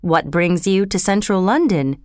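A brisk, condescending male speech expert, as a woman reader puts him on. Storybook narration with lively pitch and a smooth, clear voice. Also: no echo, studio quality. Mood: confident.

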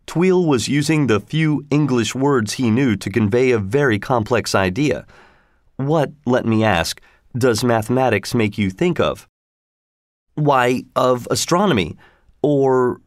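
A man reads a science fiction story aloud in a lively, conversational way, his voice sitting at a middle pitch. The recording is close and dry, with no room echo. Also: unhurried.

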